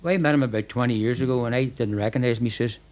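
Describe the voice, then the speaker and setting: A man's voice: medium pitch, very fast, a little mellow, dull audio. Older Northern Irish man, guest storyteller, rambling anecdotal delivery. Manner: rambling anecdotes with stumbles and laughs. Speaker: guest, former football manager. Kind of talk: storytelling at a live podcast event. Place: packed function room.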